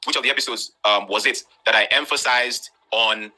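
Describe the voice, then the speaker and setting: A man with a Nigerian accent hosting an online class, lecturing students bluntly and forcefully, with lots of rhetorical questions. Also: mid-range voice, brisk. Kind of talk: live-streamed talk to students.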